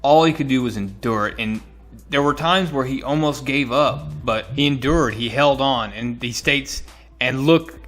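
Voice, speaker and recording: A man's voice: mid-range voice, normal speed, fairly bright tone, faint music behind. A man casually recapping and reviewing a comic book issue, enthusiastic and recounting with small restarts.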